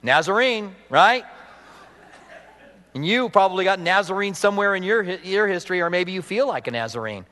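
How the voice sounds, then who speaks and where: A man preaching a sermon as pastor, animated with humorous asides, then leading a prayer. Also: sits high, moderate pace. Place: church sanctuary. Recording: reverberant church hall.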